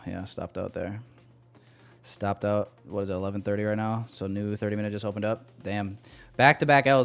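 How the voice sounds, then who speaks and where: A man's voice: on the low side, clean tone. A young man giving live commentary on his trades to a stream chat, casual and self-deprecating.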